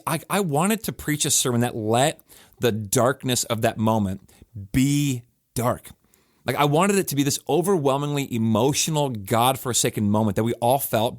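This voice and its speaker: Earnest pastor talking in a dry room. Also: male voice, mid-range voice, no room sound. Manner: earnest and conversational, with emphatic restarts. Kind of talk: reflective podcast talk.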